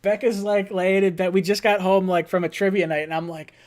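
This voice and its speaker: A young man with a notably high voice hosts a live fan show from his home late at night. He rambles on in an excitable, run-on way, laughing as he goes. His delivery is loose and hyped. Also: a little fast. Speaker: livestream host.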